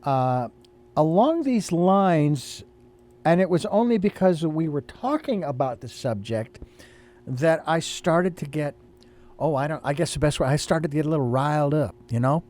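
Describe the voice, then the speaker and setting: An older man hosting a relaxed spiritual talk, his voice sitting a little high for a man. He speaks slowly and hesitantly, stopping and restarting as he hunts for the right phrase. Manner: hesitant, searching for words with many restarts. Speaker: host.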